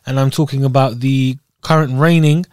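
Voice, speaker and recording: A man's voice: mid-range voice, steady tone, moderate pace, darkish tone, no room sound, studio quality. A young man from Scotland co-hosting a podcast in loose, rambling, jokey chat. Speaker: podcast co-host. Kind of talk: casual chat.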